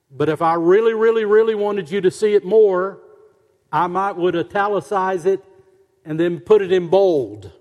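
A man preaching a sermon as pastor, slow and emphatic, with dramatic pauses and rising stresses on key words. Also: fairly high pitch, darkish tone, long reverb tail. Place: church sanctuary.

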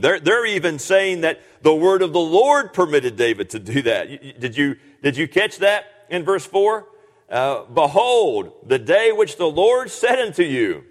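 Male pastor, sermon delivery, middle-pitched voice, long hall reverb, earnest with restarts and emphatic peaks. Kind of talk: sermon with scripture reading.

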